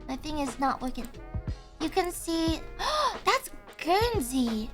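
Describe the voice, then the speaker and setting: A woman's voice: sits high, sing-song, slow pace, over music. A woman with an Irish accent, hosting a casual live stream as a playful tour guide, laughing often and swearing casually as she banters with chat.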